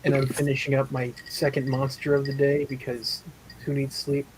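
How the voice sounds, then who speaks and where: A man co-hosting a casual chat, relaxed and agreeable, often hesitating before he speaks. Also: medium pitch, normal speed, slight background noise, low-quality recording.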